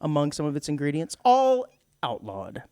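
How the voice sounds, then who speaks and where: A man's voice: on the high side, huge pitch swings, moderate pace, warm tone, smooth, no room sound. A man co-hosting a radio talk show, reading news items and trading dry, teasing quips in casual chat. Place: radio studio.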